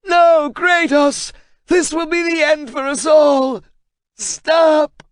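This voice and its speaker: A man voicing a terrified male translator with a raspy voice, pleading and strained with fear. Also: extremely high pitch, slow, no room sound, pitched above the performer's own voice, heavily acted. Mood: desperate.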